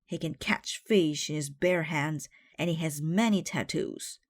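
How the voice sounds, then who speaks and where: Loud proud pirate captain in a storybook, grumpy and blustering, as a woman reader does him. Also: sits low, unhurried. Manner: blustering, raising the voice.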